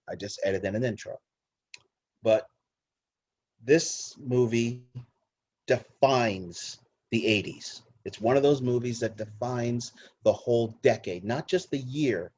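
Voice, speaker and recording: A man's voice: mid-range voice, a little slow, darkish tone, slightly rough, lo-fi sound. A man hosting a casual movie countdown podcast, talking with rambling enthusiasm and swearing freely. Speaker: podcast host.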